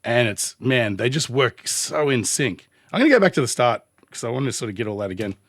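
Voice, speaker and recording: A man's voice: mid-range voice, sing-song, no room sound. Australian man thinking aloud over music. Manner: rambling, thinking aloud while pausing the track. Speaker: music producer reacting to songs. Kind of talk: casual music reaction commentary.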